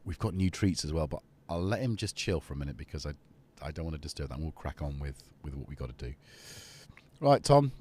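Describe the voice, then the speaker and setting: A man's voice: extremely low pitch, fast, mellow, a little hiss or hum. A man hosting a casual live stream, rambling and chatty as he talks to viewers and his cat.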